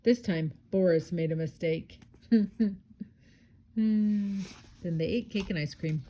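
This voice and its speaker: A woman's voice: lowish voice, takes it slowly, mellow. A mother reading a children's picture book aloud expressively, dropping in chatty asides of her own.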